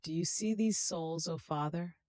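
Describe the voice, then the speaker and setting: A woman's voice: lowish voice, a little slow, dark tone, no room sound, close to an everyday voice. A woman reading the words of a suffering male Jesus in a solemn, prayerful way.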